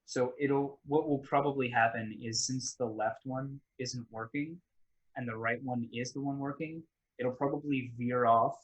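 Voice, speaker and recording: A man's voice: mid-range voice, steady tone, a little slow, slightly rough, poor audio. A man narrating a tabletop game as game master, in a loose, casual way with lots of restarts.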